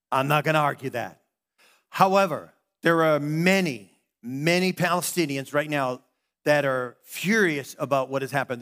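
A man's voice: fairly high pitch, fairly bright tone. A middle-aged man, a pastor, preaching a sermon in a conversational way, often stopping and restarting his sentences.

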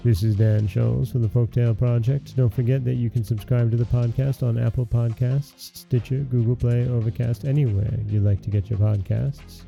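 A man hosting a folktale podcast, reading a fairy tale aloud in a measured, gentle storytelling way. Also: medium pitch, steady tone, vocal fry, faint music behind. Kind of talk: scripted narration.

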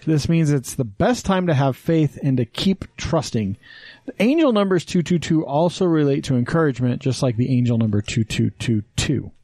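A man's voice: a little high, animated, normal speed, mellow, dry recording. A man with a Utah accent co-hosting a podcast, chatting casually, cracking jokes and swearing freely. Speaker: podcast co-host. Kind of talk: casual chat.

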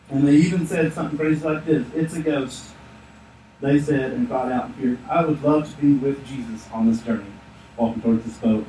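A male pastor preaching a sermon in a lively, joking storytelling manner. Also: on the high side, slight background noise. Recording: echoey room, distant mic.

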